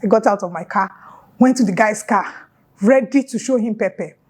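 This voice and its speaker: A woman's voice: medium pitch, moderate pace, a little mellow, husky. A young woman with a Nigerian accent, chatting to the camera as she tells a story on her vlog, full of playful local asides. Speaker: YouTuber.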